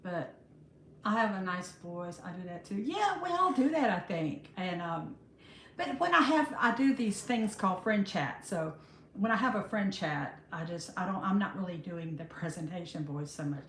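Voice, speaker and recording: A woman, hosting a casual livestream, chatting warmly with viewers and calling them honey. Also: lowish voice, expressive, normal speed, a little hiss or hum. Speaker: livestream host. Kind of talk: casual live chat greeting viewers. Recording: roomy echo.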